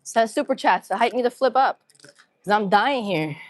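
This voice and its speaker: A woman's voice: a little high, normal speed, dry recording. A woman livestreaming her workout from an empty gym, chatting in a hyped, slangy way and greeting her viewers. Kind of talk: casual livestream chat while working out.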